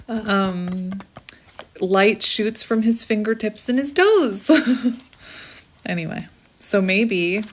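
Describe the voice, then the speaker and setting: Chatty woman giving a tarot reading. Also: lowish voice. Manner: chatty and rambling, often laughing at herself. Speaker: tarot reader. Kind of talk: casual spiritual reading.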